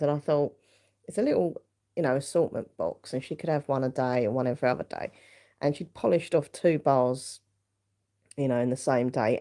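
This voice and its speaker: A woman rambling through a casual chat on her live stream. Her voice sits low with a gravelly fry running through it. The tone is mellow and dark. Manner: rambling, chatty storytelling with many fillers. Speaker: vlogger hosting a live stream.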